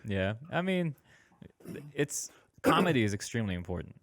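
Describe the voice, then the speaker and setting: A man hosting a podcast in relaxed casual chat, laughing easily and pausing with fillers. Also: mid-range voice, dry recording. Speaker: podcast host.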